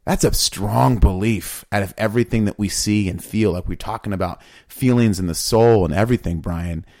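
Animated rambling man, low voice. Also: moderate pace, dry recording, studio quality. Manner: animated, rambling, many restarts. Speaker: podcast co-host. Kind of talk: casual faith discussion.

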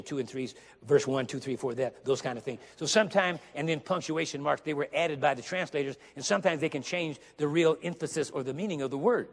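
Man preaching a sermon in a reverberant hall. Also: fairly high pitch. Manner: emphatic, repeats key phrases, reads scripture slowly; asks the congregation questions. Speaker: guest preacher. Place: church sanctuary.

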